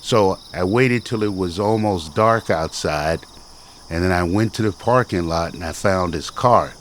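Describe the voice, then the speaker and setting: Animated male storyteller. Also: low-pitched, a little slow, a little hiss or hum. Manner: vivid, animated telling with repetitions and acted-out quotes. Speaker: storyteller and show host. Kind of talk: spoken personal storytelling.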